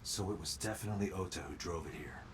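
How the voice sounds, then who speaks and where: A man's voice: deep voice, fast, noisy background, lightly acted. An actor playing a blunt male police detective in a video game, asking direct questions. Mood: probing. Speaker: game character. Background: music.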